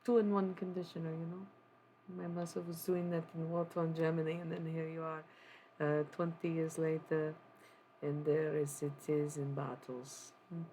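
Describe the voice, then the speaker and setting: A woman's voice: low-pitched, flat delivery, moderate pace, warm tone, a little hiss or hum, low-quality recording. A woman live streamer in casual chat, rambling and musing aloud with frequent swearing.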